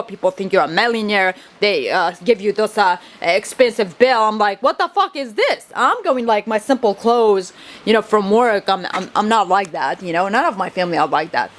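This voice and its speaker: A woman whose first language is Kurdish vents to the camera in a mid-range voice. Her monologue is rambling, agitated and full of swearing, and it keeps circling back on itself.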